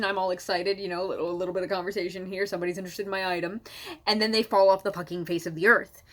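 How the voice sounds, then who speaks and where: A woman's voice: mid-range voice, fast, fairly bright tone. A woman comedian from Canada delivering an exasperated, sarcastic stand-up rant at home, swearing freely.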